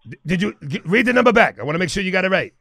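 A man putting on a loud, insistent voice as a prank caller ordering takeout over the phone, stammering and repeating himself. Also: sits high, sing-song, very fast, gravelly, full character voice.

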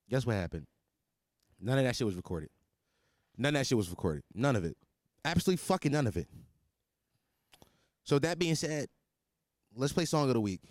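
Young man rambling on his podcast, lively up-and-down pitch, crude slangy jokes, close dry sound. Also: dry recording. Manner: rambling, restarts and repeats himself, crude joking; swears freely, slangy and blunt. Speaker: podcast host. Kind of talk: casual solo podcast monologue.

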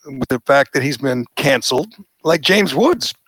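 A podcast host with a medium-pitched voice at a moderate pace delivers opinionated political commentary. He's animated and mocks the people he quotes by imitating their voices.

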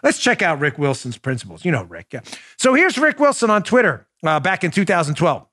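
A middle-aged man hosts a political commentary podcast, mocking and sarcastic as he drives every point home. His voice sits a little high and leaps up and down in pitch. It is recorded close and dry, with no room sound. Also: huge pitch swings, fairly quick, sharp tone, breathy edge, no room sound. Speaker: podcast host, former police officer.

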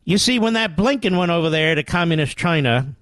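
A man's voice: on the high side, expressive, fairly quick, fairly bright tone, dry recording. A man hosting a political talk radio show, delivering combative, mocking commentary.

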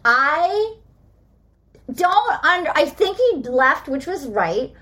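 Animated woman hosting a chatty podcast. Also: high voice, slow pace. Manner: animated storyteller, acting out what people said. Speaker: podcast host. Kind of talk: casual chat recapping a reality show.

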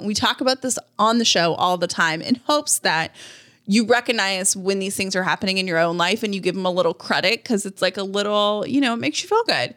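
A woman's voice: mid-range voice, fairly bright tone. Easygoing woman podcast co-host. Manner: easygoing, chatty storyteller. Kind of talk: casual chat.

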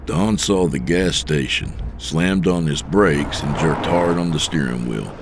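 Very deep-voiced male story narrator. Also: a little hiss or hum. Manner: steady, measured storytelling. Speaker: narrator, podcast host. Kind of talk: scripted fiction narration.

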